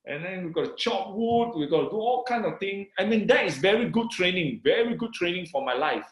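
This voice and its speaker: A middle-aged man from Malaysia telling his testimony in an interview, excited, peppering his story with "you know" and reading scripture with slow emphasis. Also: high voice, roomy sound, low-quality recording. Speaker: guest sharing his testimony. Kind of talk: animated personal testimony.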